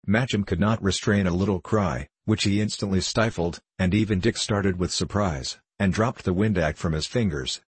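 A man narrating an adventure novel in a measured storytelling manner. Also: low voice, slightly rough, no room sound. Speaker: audiobook narrator. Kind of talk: scripted narration.

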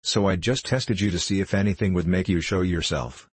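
A gentle, vague little priest who explains things slowly and simply, with an apologetic air, as a man reads him. The voice is low and husky, recorded dry and close. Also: no echo. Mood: calmly explaining. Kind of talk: audiobook character reading.

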